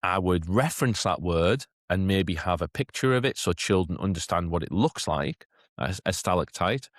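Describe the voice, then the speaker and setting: A man with a low, deep voice walks teachers through a classroom routine in a relaxed, chatty way, often checking in with "okay?". Now and then he lifts into a bright voice, as if talking to a class of children. The recording is dry and close, with no room sound. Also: dry recording. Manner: chatty, keeps asking "okay?". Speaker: teacher trainer. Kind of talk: teacher training talk.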